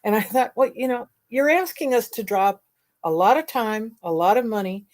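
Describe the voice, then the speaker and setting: A woman hosting a casual conversation, telling a story in a blunt, exasperated, animated way. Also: fairly high pitch, moderate pace.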